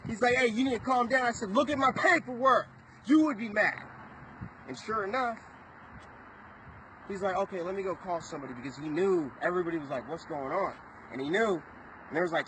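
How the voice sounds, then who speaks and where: A man's voice: sits high, pushed and bright, slight background noise, poor audio. A man vlogging, agitated and rambling as he retells events to the camera, swearing often. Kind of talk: casual storytelling to camera.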